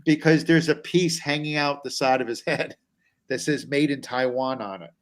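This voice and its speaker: A comedian guest with a medium-pitched voice at normal speed tells rambling, self-deprecating, anxious stories about himself in a casual comic style.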